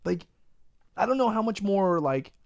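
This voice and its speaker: A young man hosting a podcast, animated and profane, ranting in casual chat. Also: high-pitched, unhurried, gravelly, dry recording, studio quality. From Long Island, New York. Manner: profane, animated ranting, says "bro" a lot. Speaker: podcast host.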